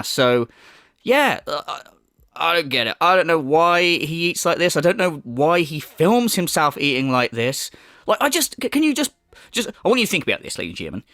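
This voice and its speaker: A man's voice: high-pitched, fairly bright tone, no echo, clean studio sound. A man doing crude, mocking commentary as a YouTuber, laughing between jabs. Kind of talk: ranting commentary.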